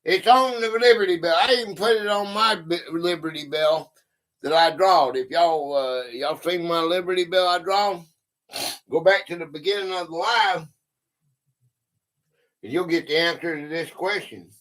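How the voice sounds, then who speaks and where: A man hosts a casual live-stream trivia game, reading questions out and greeting viewers by name. His voice sits a little high and his pace is unhurried and drawn out. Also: fairly bright tone. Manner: chatty, greets viewers, reads quiz questions aloud. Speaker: livestream host running a quiz.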